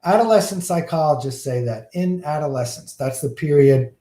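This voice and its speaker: A man's voice: on the high side, expressive, normal speed, warm tone, echoey room. A man, a pastor, teaching a church class with a folksy storytelling manner, often repeating words and using fillers.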